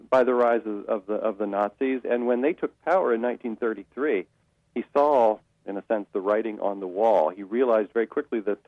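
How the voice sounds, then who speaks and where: Male guest, measured delivery with restarts, dull lo-fi radio sound, dry studio. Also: lowish voice, dry recording. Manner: measured, with frequent restarts and fillers. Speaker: author and guest. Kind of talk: radio interview answers.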